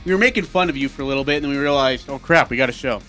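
A man's voice: mid-range voice, rapid-fire, pushed and bright, soft background music. A man co-hosting a radio sports talk show, telling a rambling story and laughing at his own jokes. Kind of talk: casual sports talk banter. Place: radio studio.

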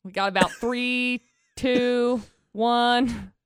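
A woman co-hosting radio with a smooth, high, resonant voice. She reads silly news stories with dry wit and deadpan asides. Her studio mic sounds close and dry. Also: extremely slow, dry recording. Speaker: radio co-host. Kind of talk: casual radio banter and headline reading. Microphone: studio microphone.

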